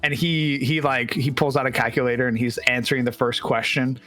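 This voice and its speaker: A man's voice: mid-range voice, little pitch movement, brisk, a bit bright, faint music behind. A man co-hosting a podcast, telling a personal story in casual chat, laughing often and swearing. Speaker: podcast co-host.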